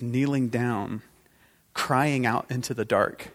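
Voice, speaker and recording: A male pastor delivering a sermon with dramatic force, dropping to a hushed intensity and then swelling again. His pitch sits in an ordinary middle range. The long reverb of a large hall trails behind every phrase. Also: normal speed. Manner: dramatic, swings between loud outbursts and hushed intensity.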